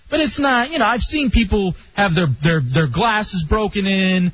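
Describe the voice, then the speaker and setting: Animated high-voiced man telling a story. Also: moderate pace, few pauses, faint music behind. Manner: animated, acts out quoted voices. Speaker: radio show host. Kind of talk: storytelling on a radio talk show. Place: radio studio. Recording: dull radio broadcast with faint hiss.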